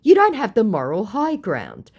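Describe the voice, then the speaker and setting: A woman's voice: medium pitch, wildly swooping pitch, normal speed, slightly rough. A woman telling a storytime vlog about chatting with a scammer, sarcastic and exasperated. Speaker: storyteller recounting a chat with a scammer.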